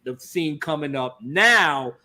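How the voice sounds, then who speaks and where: A man, hosting a casual TV review and excitedly acting out scenes in exaggerated voices while swearing freely. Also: on the high side, slow. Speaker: podcast host reviewing a TV episode. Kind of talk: animated casual recap.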